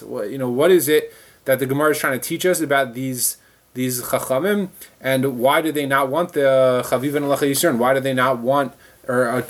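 A man leads a Talmud class, reading each line aloud before explaining it in everyday words. His pitch sits in a plain middle range, and he often restarts a phrase as he thinks it through. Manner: reads the text, then explains it in plain conversational words, with restarts. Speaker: Talmud teacher. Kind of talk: Talmud lesson, reading and translating.

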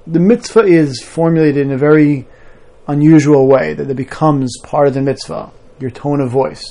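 A man's voice: on the high side, creaky, dark tone. A man teaching a conversational Torah class to a small group of students, explaining patiently and often checking in with "right?" and "you know?".

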